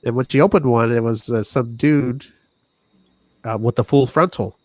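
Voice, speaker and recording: A man's voice: mid-range voice, normal speed, darkish tone, no echo. A man hosting a casual podcast chat, rambling, restarting his words and laughing often. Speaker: podcast host.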